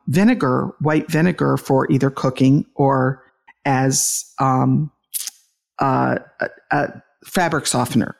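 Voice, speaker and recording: A woman's voice: extremely low pitch, vocal fry, darkish tone. A middle-aged woman telling an interviewer about the day her son died, emotional, laughing through grief, with many restarts. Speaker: guest, bereaved mother and author. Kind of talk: conversational interview storytelling.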